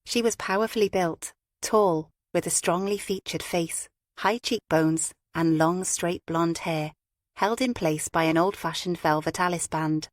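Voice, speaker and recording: Low-voiced woman reading a crime novel. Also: no room sound, clean studio sound. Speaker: audiobook narrator. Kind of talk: scripted narration.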